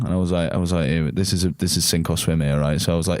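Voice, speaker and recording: A man, a guest musician telling stories in a relaxed podcast chat, laughing often and slipping into slang. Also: low voice, quick pace, no room sound. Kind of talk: casual chat, storytelling.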